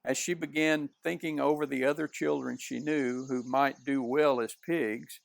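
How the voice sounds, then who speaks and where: A man reading a children's novel aloud in unhurried storybook narration. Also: mid-range voice, steady tone, creaky, no room sound. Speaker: reader.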